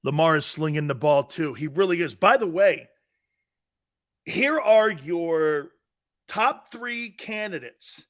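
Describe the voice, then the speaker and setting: A middle-aged man hosting a sports talk show, brash and sarcastic, swearing and breaking into shouted outbursts. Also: on the high side, expressive, takes it slowly. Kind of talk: opinionated sports radio talk.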